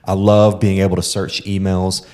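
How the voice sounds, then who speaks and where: A man's voice: sits low, level tone, moderate pace, dark tone. A young man co-hosting a podcast, explaining practical tips to listeners in a casual way with frequent "um". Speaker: podcast co-host.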